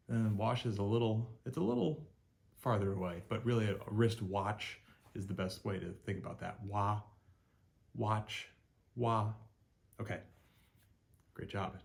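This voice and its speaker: A man with a fairly low voice teaches Mandarin pronunciation in an upbeat spoken lesson. He repeats each sound several times and praises the learner often. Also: creaky, a little mellow.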